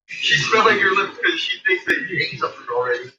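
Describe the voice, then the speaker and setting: A man's voice: high voice, animated, brisk, sharp tone, reverberant, recorded from a distance, highs cut off. A man chatting casually and giggling, speaking for the dog. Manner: giggly, voices the dog's thoughts. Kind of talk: casual chat.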